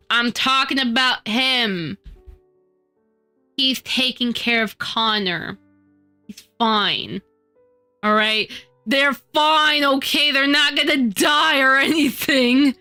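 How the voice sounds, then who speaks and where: High, bright-voiced playful woman streamer. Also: slow pace, pauses often, soft background music. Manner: animated, mock-indignant banter with chat. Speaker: streamer chatting with live chat while modeling. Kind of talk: casual livestream chat.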